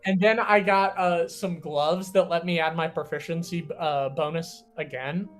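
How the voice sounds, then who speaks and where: A man co-hosting a podcast, in a casual chat, telling tabletop game stories in an animated way with many fillers. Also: a little high, unhurried, faint music behind. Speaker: podcast co-host and tabletop player.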